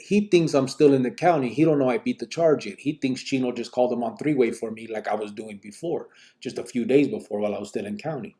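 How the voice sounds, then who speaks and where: A middle-aged man, telling his own story to a live audience in relaxed street slang and quoting others in a raised voice. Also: mid-range voice, quick pace, few pauses. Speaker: channel host telling his life story.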